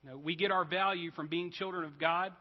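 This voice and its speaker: A man's voice: on the high side, steady tone, brisk. A man preaching a conversational sermon as pastor, talking casually with frequent "like" and "right?" check-ins. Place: church sanctuary. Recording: dull, reverberant church hall.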